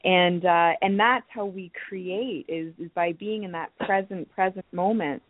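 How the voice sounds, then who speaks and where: Soft-spoken canadian woman on a phone line, lots of ums, thin tinny sound. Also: fairly low pitch, a little slow, no echo. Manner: soft-spoken, hesitant, many ums and restarts. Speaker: crystal healing teacher. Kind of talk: phone-in talk show guest.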